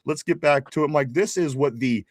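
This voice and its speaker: A man's voice: a little high, normal speed, no echo, clean studio sound. A man with a Pittsburgh accent co-hosting a live sports show, reading viewer comments with teasing laughs. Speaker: podcast co-host.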